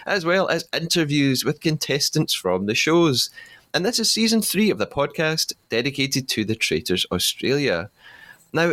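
A man's voice: medium pitch, fairly bright tone. A man hosting a podcast interview in a chatty way, laughing easily between questions. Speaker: podcast host.

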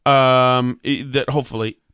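A man's voice: medium pitch, steady tone, normal speed, bright, forceful tone, clear, resonant tone, no echo, studio quality. A man hosting a talk show with a New England accent, rambling and sarcastic with many fillers. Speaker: talk radio host. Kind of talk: opinionated casual talk.

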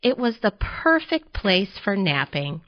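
A slow, expressive woman reading a storybook. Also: mid-range voice. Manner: gentle, expressive and unhurried. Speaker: library storytime reader. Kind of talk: children's picture book reading. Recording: slightly dull audio.

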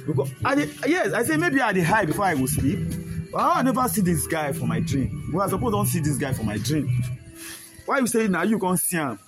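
Over loud background music, a man with a Nigerian accent pleads with his listeners in street talk, emotional and repetitive. His high voice has a sing-song lilt and a brisk delivery.

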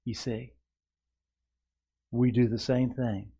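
A man preaching a sermon to a congregation, earnest, asking rhetorical questions and dropping soft for tender asides. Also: medium pitch, flat delivery, slow, gravelly, breathy edge. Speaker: pastor. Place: church sanctuary before a congregation.

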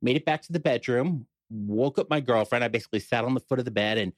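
A man's voice: mid-range voice, fast, dry recording, studio quality. A middle-aged man with a New York accent, a podcast guest telling a personal story in casual conversation, with wry humor and frequent restarts.

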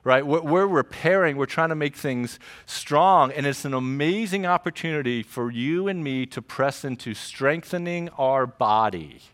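A middle-aged male pastor delivering a lively, joking sermon to a congregation, talking to them like friends. His voice sits a touch higher than most men's. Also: measured pace, hardly any pauses. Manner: animated, joking, conversational preaching. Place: church service before a congregation.

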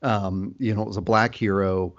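A man co-hosting a casual podcast chat, relaxed and full of fillers. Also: fairly low pitch, moderate pace, highs cut off. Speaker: podcast co-host.

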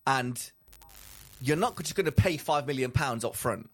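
A man co-hosting a podcast, talking in an excitable, rambling way. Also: mid-range voice, measured pace. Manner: excitable, rambling, laughs often, trails off mid-thought. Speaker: podcast co-host. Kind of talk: casual chat.

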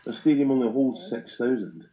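A man's voice: medium pitch, expressive, moderate pace, crowd noise. A Scottish man co-hosting a casual football podcast, blunt and opinionated, laughing often. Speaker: podcast co-host. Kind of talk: casual chat.

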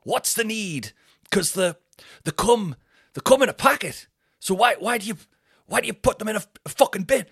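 A man impersonating a brash young male stand-up comic who shouts sing-song lines at a hostile crowd. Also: high voice, expressive, normal speed, creaky, husky, dry recording, studio quality, pitched above the performer's own voice, exaggerated voice.

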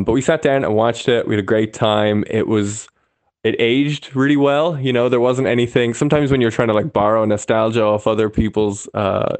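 Flat, low-voiced man from Chicago. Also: no echo. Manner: upbeat, easygoing, rambling. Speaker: caller. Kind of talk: casual recorded message.

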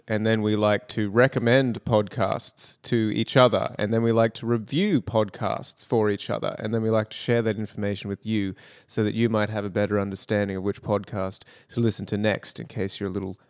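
A man with a lowish voice hosting a podcast with friends. His talk is playful and casual, with a few hesitant ums. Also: flat delivery, normal speed, hardly any pauses. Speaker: podcast host. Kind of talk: casual chat.

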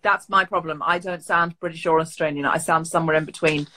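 A woman hosting a podcast interview, chatting casually, hesitant and quick to laugh. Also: low-pitched, steady tone, bright, forceful tone. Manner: hesitant, restarts often, laughs easily. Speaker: podcast host.

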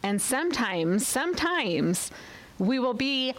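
A woman's voice: medium pitch, lively intonation, a little slow, poor audio. A woman preaching a sermon with emphatic repetition, often putting questions to her listeners.

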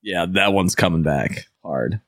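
A man's voice: deep voice, measured pace, dry recording, studio quality. A man with a head cold, playing in a tabletop game and joking with friends over a call, giggly. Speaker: player. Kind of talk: casual chat.

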